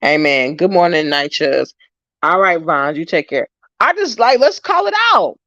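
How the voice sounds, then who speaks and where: A woman's voice: deep voice, big pitch swings, normal speed, a bit bright, no room sound. A woman hosting a livestream, ranting at viewers in a profane, confrontational, emphatic way. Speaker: YouTuber livestream host. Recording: dull lo-fi dry sound.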